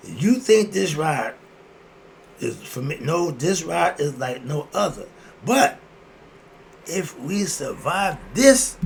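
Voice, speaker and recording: A man's voice: on the high side, vocal fry, darkish tone, slight background noise. A man in his sixties hosting his own video, ranting bluntly and answering his own rhetorical questions. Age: 60s. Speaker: video host. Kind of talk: ranting monologue.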